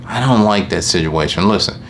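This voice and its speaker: Man, low voice, casual animated rant, faint background noise. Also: a little fast. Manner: animated, complaining, acts out customers in high voices. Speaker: lawn care business owner.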